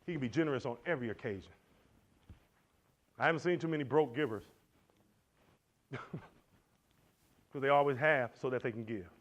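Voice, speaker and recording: A man teaching at a Christian men's conference, animated and preacherly, swinging between loud and soft. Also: medium pitch, moderate pace, long pauses. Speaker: conference speaker. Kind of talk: motivational church teaching. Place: lecture hall. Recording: dull lo-fi recording.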